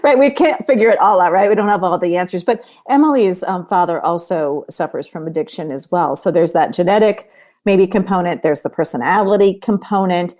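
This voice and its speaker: Middle-aged woman host, lowish voice, gentle and reflective. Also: fairly quick. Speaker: podcast host. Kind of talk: empathetic interview conversation.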